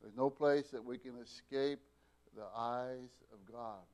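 A man teaching a Bible class, pausing often with fillers and restarts and getting loud to stress key words. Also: medium pitch, fairly even intonation. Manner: unhurried, with many fillers and restarts, rising loud for emphasis.

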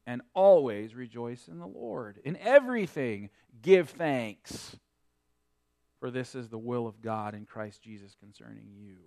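A man preaching a sermon, quoting scripture in old-fashioned wording and swinging between emphatic peaks and quieter asides. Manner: emphatic preaching, rising and falling in pitch and loudness. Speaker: pastor.

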